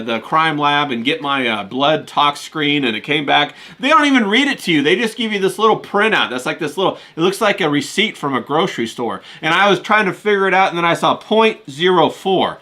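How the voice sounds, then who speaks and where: Bright man rambling through a story. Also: a little high, animated, brisk, hardly any pauses. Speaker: podcast co-host. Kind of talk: casual chat.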